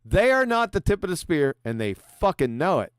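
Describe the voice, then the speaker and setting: A man's voice: on the high side, sing-song, normal speed, clear, resonant tone, no echo, studio quality. A man hosting a livestream, mocking his opponent with profanity and reading super chats aloud with frequent laughs. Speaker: livestream host.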